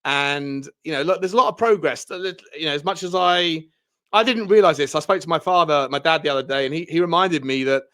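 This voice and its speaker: A man's voice: a little high, brisk, sharp tone. A man co-hosting a football podcast in casual chat, rambling, with many fillers and restarts.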